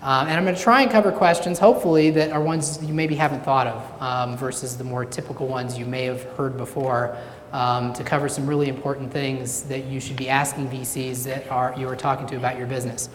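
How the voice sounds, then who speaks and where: A woman's voice: rumbling low, fairly even intonation, fairly quick. A woman speaking as a venture capitalist, giving a joking talk that keeps drawing in her audience. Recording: reverberant hall, faint noise.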